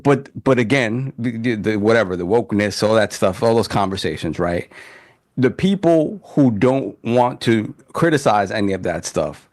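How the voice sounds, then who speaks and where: A man's voice: fairly low pitch, expressive, moderate pace, a little mellow. A man co-hosting a casual gaming podcast, talking in long opinionated runs with many restarts. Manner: rambling, opinionated, repeats himself. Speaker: podcast co-host.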